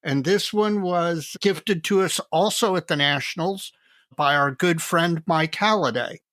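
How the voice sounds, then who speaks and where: A man co-hosting a podcast in casual chat, easygoing and quick to laugh. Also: fairly high pitch, a bit bright, no room sound, clean studio sound. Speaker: podcast co-host.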